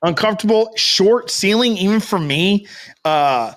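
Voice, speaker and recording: A man's voice: sits high, expressive, unhurried, fairly bright tone. A man co-hosting a podcast, rambling through a casual story with loose swearing. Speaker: podcast co-host. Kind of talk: casual chat.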